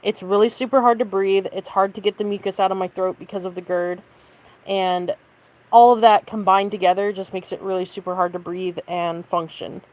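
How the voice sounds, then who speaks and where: A woman talking casually on a late-night livestream from her bedroom. She rambles in an easygoing way and stops often to cough or clear her throat. Her voice sits in an ordinary middle range for a woman. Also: fairly even intonation, moderate pace, darkish tone. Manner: high baby-talk voice to her cat. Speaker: streamer.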